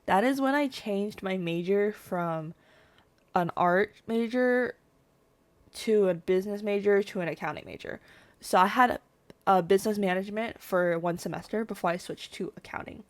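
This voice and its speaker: A young woman in her twenties tells a story to her viewers, animated and swearing freely. Her voice sits at a middle pitch for a woman. She talks in a casual, chatty way. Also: moderate pace. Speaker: VTuber storyteller.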